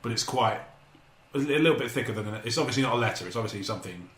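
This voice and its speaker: Bright-voiced man hosting casually. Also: mid-range voice, racing. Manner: jokey, rambling storyteller, laughs often. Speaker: podcast host. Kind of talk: casual chat. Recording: echoey room, faint noise.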